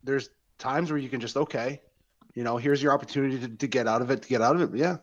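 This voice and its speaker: A man's voice: medium pitch, quick pace, muffled recording. A laid-back man in casual chat who often repeats his phrases.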